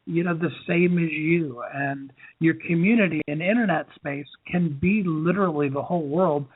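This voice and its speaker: A man's voice: a little high, slightly rough, dry recording. A man hosting a podcast, chatting earnestly with his guest and asking her questions. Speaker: podcast host. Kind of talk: conversational interview. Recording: tinny phone-like line.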